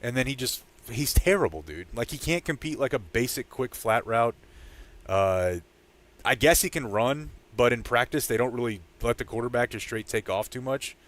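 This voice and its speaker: A man chatting casually on a sports podcast. He tells a story with easy energy and breaks into loud shouts when he quotes fans in the stands. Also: mid-range voice, lively intonation, moderate pace. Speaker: podcast co-host. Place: training camp site.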